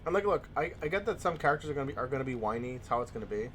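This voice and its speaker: A man's voice: medium pitch, animated, rapid-fire, few pauses, fairly bright tone, slight background noise. A young man hosting a let's play, chatting in a rambling, casual way with frequent restarts. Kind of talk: casual gaming commentary.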